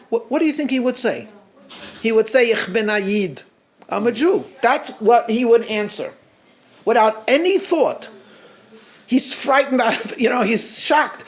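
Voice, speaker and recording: A middle-aged man with an American accent, a rabbi telling stories to a gathering in an animated, halting way, with many restarts and chuckles. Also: high-pitched. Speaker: rabbi giving a talk. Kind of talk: storytelling talk at a gathering.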